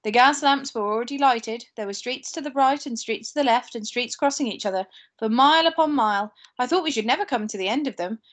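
A woman teacher reads a novel aloud to her class in a steady, unhurried way. Her voice sits a little high, and she corrects small slips as she goes. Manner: steady reading with occasional slips and asides. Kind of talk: reading a novel aloud to pupils.

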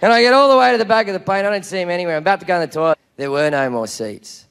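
Crude, shouty Australian comedian. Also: male voice, high voice, racing, vocal fry. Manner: crude, swearing, shouty storytelling. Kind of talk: stand-up comedy. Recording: live show with loud crowd noise.

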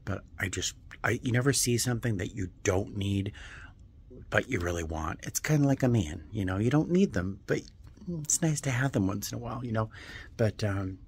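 A man vlogging while he browses antique and vintage shops, gushing and musing aloud, sometimes dropping to a soft near-whisper. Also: fairly low pitch, animated, moderate pace, slightly rough. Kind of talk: casual vlog narration while shopping.

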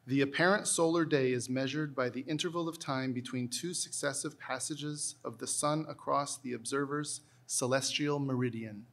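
A man pronounces competition words one at a time and reads their dictionary definitions. His delivery is measured and deliberate, each syllable enunciated with care. His voice sits at an ordinary middle pitch for a man. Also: steady tone, a bit bright. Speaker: spelling bee pronouncer. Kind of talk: reading words and definitions aloud.

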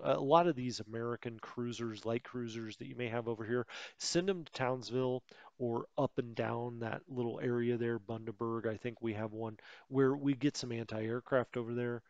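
A man's voice: mid-range voice, moderate pace, darkish tone, dry recording, muffled recording. A man giving casual, rambling commentary over a strategy game he plays, often correcting himself and chatting in asides. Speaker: let's play host.

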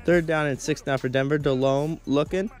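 Commentating play-by-play on his football video game, a teenage boy keeps stumbling over his words and apologizing, tossing in self-deprecating asides. His voice is on the high side, steady, and at normal speed, over background game music.

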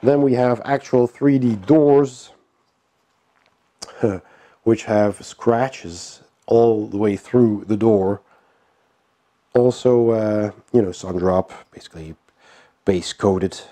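Unboxing a board game, a congested, nasal-sounding man speaks slowly in a lowish voice with long pauses. His commentary is laid-back, dotted with chuckles and frequent fillers.

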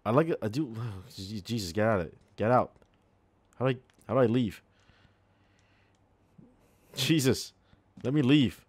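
A man's voice: medium pitch, animated, unhurried, long pauses, a little mellow, husky, no echo. A man hosting a video game playthrough, chatting sarcastically and reacting aloud as he plays. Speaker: gaming channel host. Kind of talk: let's play commentary.

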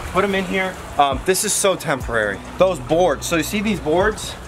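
A man talking to viewers in a casual outdoor vlog, excitable and direct, sometimes out of breath, recorded on an action camera. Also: sits high, moderate pace. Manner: excitable, talks straight to viewers. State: out of breath at times. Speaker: vlogger, animal keeper. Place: outdoors, animal yard in hot weather. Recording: outdoor camera audio with noise.

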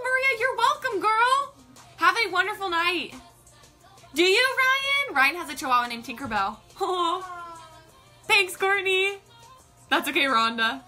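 Bubbly woman host, very bright high voice, chatty live-stream greeter, faint music behind. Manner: bubbly, greets viewers by name, gushes. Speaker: livestream host. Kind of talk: casual live-stream chat.

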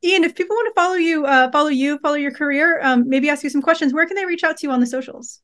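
A woman's voice: sits high, fast talker, fairly bright tone. A woman hosting an interview, asking chatty, rambling questions with a self-deprecating touch. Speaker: interview host. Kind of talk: casual interview.

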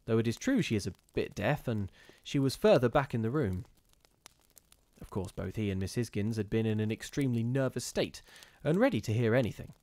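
A man reading a gothic ghost story aloud in a measured, steady storytelling manner with occasional brief restarts. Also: fairly low pitch, no room sound. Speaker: reader of ghost stories.

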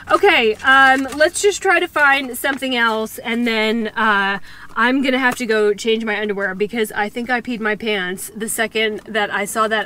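Woman travel vlogger, high voice, animated storyteller who acts out quotes. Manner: animated, self-mocking, laughs often; quotes people in acted voices. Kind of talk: casual storytelling vlog.

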